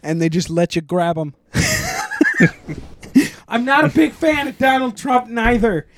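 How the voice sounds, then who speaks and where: A man hosting a podcast in casual banter, ranting loudly and profanely with frequent laughter. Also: very high voice, very animated, moderate pace, slight background noise. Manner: loud, laughing, profane rants. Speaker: podcast host.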